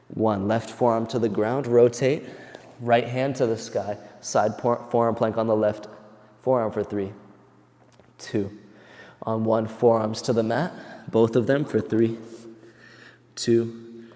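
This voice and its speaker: Out-of-breath man teaching yoga, mellow. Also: medium pitch. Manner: calm counting cues, moving along with the class. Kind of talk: guiding a yoga class. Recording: long hall reverb.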